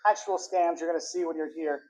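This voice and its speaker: A man hosting a travel video, giving quick tips and acting out the lines of street hustlers. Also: a little high, rough recording. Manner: animated, acts out scammers' lines. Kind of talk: brisk travel-tips talk to camera.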